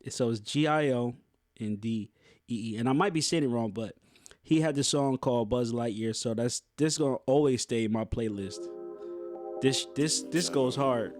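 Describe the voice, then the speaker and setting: A man's voice: mid-range voice, moderate pace, darkish tone, soft background music. A man hosting a podcast in casual chat, laid-back and slangy, with many fillers and restarts. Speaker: podcast host.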